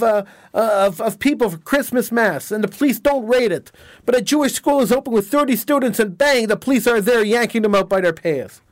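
A man with a high-pitched voice hosts a talk radio show, talking emphatically and with indignation, often stumbling over and repeating his words. The sound is dry and close, with almost no room around him. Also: a little fast, dry recording.

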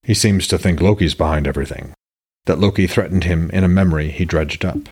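A man's voice: sits low, fairly quick, slightly rough. A man voicing Mimir, a stony old sage. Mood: stern. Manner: flat, stony delivery. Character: impatient older male sage with gray beard.

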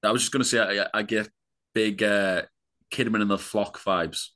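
A man's voice: fairly low pitch, fairly even intonation, normal speed, bright, forceful tone. A man co-hosting a podcast in casual chat, joking dryly and hesitating with fillers. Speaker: podcast co-host.

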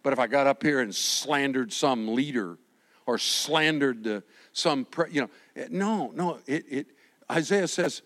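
A pastor preaching a lively sermon, acting out the quotes he reads and swinging from shouts to quiet asides. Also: medium pitch, unhurried. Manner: animated, swings from shouting to soft, acts out quotes.

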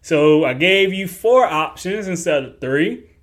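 A man's voice: fairly high pitch, animated, measured pace, fairly bright tone. A man hosting a podcast, talking casually and joking, often holding back laughter as he gives farming advice. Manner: laid-back, joking, chuckles through lines. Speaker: podcast host. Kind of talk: casual solo podcast talk.

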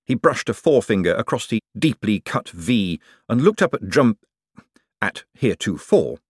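A man narrating an audiobook in an expressive, storytelling manner. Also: on the low side, normal speed, slightly rough, no room sound, studio quality.

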